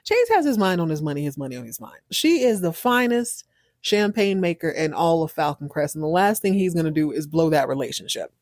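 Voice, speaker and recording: A woman's voice: sits low, big pitch swings, fairly quick, darkish tone, no echo, clean studio sound. A woman hosting a podcast, recapping a show in a chatty, slangy way and laughing often. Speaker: podcast host.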